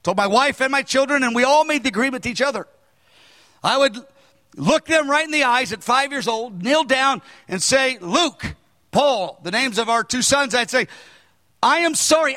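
Older man preaching, very high voice, bright tone, earnest and emphatic, long hall reverb. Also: expressive, normal speed. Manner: earnest, emphatic, bursts of shouting. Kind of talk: sermon.

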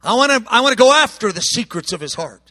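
A man preaching a sermon with passion, acting out quoted voices and swinging from hushed tones to shouts. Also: very high-pitched, lively intonation, quick pace, no room sound.

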